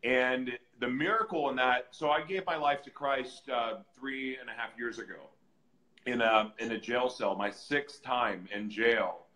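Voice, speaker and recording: A man speaks as a guest on a live podcast, candid and earnest as he tells his own story. His voice is bright and forceful, and he leans hard into the retelling. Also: mid-range voice, unhurried, poor audio. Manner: earnest, animated, acts out shouted voices in retelling. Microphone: live stream, reads comments on screen.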